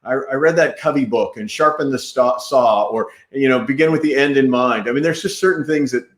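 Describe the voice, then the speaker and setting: A man of middle pitch hosting an interview, talking enthusiastically and casually. He often restarts his sentences. His voice has a noticeable room echo. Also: brisk. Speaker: podcast host. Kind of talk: interview questions. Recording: echoey room sound.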